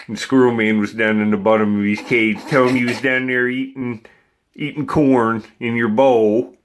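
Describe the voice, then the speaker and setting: A man's voice: mid-range voice, flat delivery, moderate pace, slight background noise. A man, vlogging casually and talking baby talk to his pet squirrel. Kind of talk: casual vlog chat.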